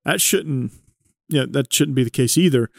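A man in an easygoing chat, laying out his ideas step by step with plenty of fillers along the way. His voice is mid-pitched and ordinary. The recording is dry, with little room sound. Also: moderate pace, creaky, no room sound. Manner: explanatory, filler-heavy. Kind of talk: casual chat.

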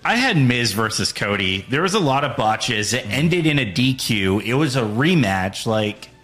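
A man's voice: medium pitch, big pitch swings, moderate pace, a bit bright, faint music behind. A man co-hosting a casual podcast chat, recapping and saying "like" often. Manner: chatty, says "like" a lot. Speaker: podcast co-host.

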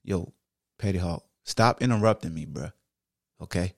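A man's voice: low voice, normal speed, vocal fry, no room sound, studio quality. A man hosting a sports podcast, reading stats matter-of-factly and patiently scolding his co-host.

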